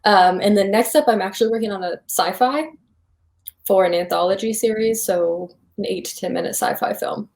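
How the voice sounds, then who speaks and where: A woman's voice: medium pitch, normal speed, vocal fry, darkish tone. A young woman from Iowa with a Midwestern accent, a filmmaker guest chatting casually and upbeat, laughing often and saying "like" a lot. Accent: Midwestern American. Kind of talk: casual interview chat.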